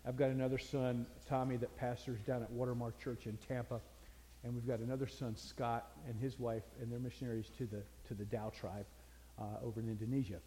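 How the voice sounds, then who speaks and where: A man's voice: mid-range voice, level tone, fairly quick, mellow, big-room sound, a little hiss or hum. An older man preaching to a crowd, telling homely stories in an earnest, folksy way. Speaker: pastor. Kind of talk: sermon.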